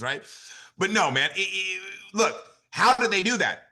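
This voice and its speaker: A man giving an energetic motivational training on a call, full of repetition and rhetorical questions. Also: high voice, brisk. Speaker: network marketing director giving a training.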